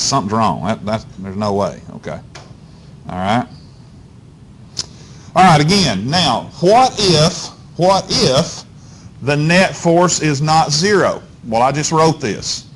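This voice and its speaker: Male physics teacher, fairly high and very lively voice, folksy classroom lecture, keeps checking in with the class, faint rumble underneath. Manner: keeps checking in with "okay?" and "all right?"; folksy, coaxing, talks straight to students.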